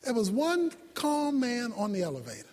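A man preaching a sermon in a very high voice that leaps all over the place. He shouts key points, then drops suddenly soft and low, and acts out his story with sound effects and rhetorical questions. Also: huge pitch swings, normal speed, big-room sound, background noise. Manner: emphatic, swings from loud shouting to soft low asides.

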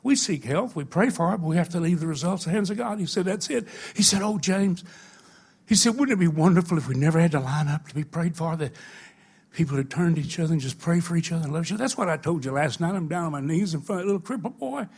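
An older man preaching a sermon, telling emotional stories that swing between loud, stretched words and hushed, quiet passages. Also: fairly high pitch, expressive, quick pace, slightly rough.

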